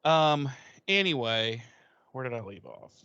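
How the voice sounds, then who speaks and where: A man co-hosting a podcast, retelling an episode in casual, profane, animated chat. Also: medium pitch, a little slow, clean tone, dry recording, highs cut off. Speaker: podcast co-host.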